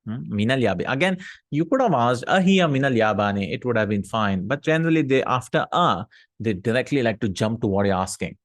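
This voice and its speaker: A man teaching a recorded Arabic grammar lesson, reading example sentences aloud, translating them, and checking in with quick "hmm?" and "no?" asides. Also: mid-range voice, expressive, no echo. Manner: explanatory, checks in with frequent "hmm?" and "no?".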